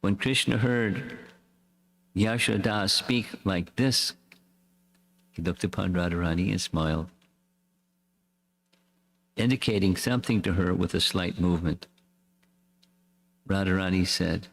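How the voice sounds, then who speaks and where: Slow, gravelly male storyteller in a hall. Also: low voice. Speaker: swami. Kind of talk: reading a devotional story aloud. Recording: echoey hall reverb.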